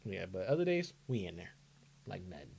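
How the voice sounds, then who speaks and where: A man's voice: low-pitched, big pitch swings, gravelly, a little mellow, husky. A man co-hosting a reaction video, chatting loosely and cutting in on his partner. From United States. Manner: rapid, loose, talks over his partner. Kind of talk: casual reaction chat.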